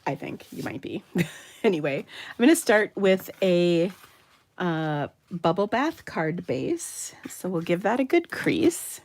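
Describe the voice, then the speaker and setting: A woman's voice: on the low side, sing-song, slow pace, a little mellow. A woman from Minnesota hosting a live card-making demonstration from her home craft room, chatting and laughing as she works. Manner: chatty, upbeat, laughs often. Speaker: card-making tutorial host.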